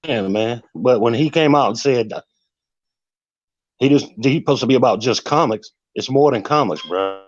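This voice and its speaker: A man's voice: mid-range voice, moderate pace, no room sound. A blunt, curious man on a video call, tossing in "bro" and "man" as he talks. His voice sits mid-range and comes through dull and lo-fi, like muffled call audio. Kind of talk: casual video call chat.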